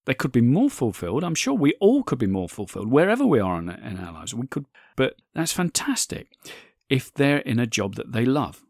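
A man hosts a solo podcast, thinking aloud in an earnest, reflective way and often restarting his sentences. His voice sits at an everyday middle pitch. The recording is dry and close, with no room sound. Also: very animated, fairly quick, gravelly, no room sound. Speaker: podcast host.

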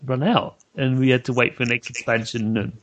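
A man's voice: mid-range voice, little pitch movement, a little fast, fairly bright tone. A British man hosting a podcast interview, chatty and enthusiastic, laughing often. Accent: British English. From Britain. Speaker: podcast host. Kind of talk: casual interview chat.

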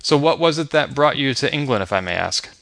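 A man's voice: mid-range voice, lively intonation, a little fast, creaky, a bit bright. A man hosting an interview podcast, talkative and friendly, asking follow-up questions. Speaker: podcast host.

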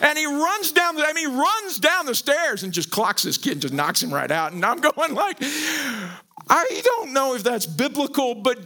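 A middle-aged male pastor delivers a sermon in a high, ringing voice. His pitch leaps around constantly as he jokes and stumbles into repeated words. He sounds bright and animated throughout. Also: normal speed.

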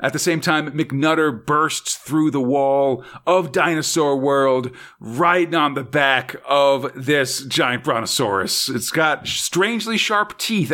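A man's voice: mid-range voice, a bit bright. A man hosting a casual podcast chat, rambling and hesitant, with lots of fillers and small laughs. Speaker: podcast host.

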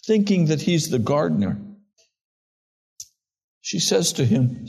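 A pastor preaching a sermon, reading scripture and retelling it in a slow, earnest storytelling way. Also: male voice, fairly high pitch, lively intonation, gravelly, darkish tone, husky.

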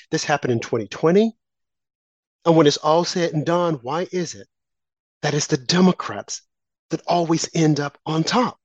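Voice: medium pitch, normal speed, no room sound. A political commentator giving an impassioned monologue, repeating phrases, firing off rhetorical questions and mocking opponents in quoted asides. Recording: slightly dull lo-fi recording.

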